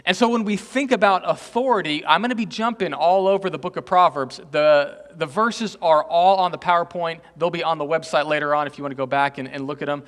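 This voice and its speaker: A man's voice: on the high side, brisk, few pauses, fairly bright tone. A male pastor from Texas giving a chatty, self-mocking sermon, often tossing "right?" to the congregation. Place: church sanctuary. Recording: echoey church hall.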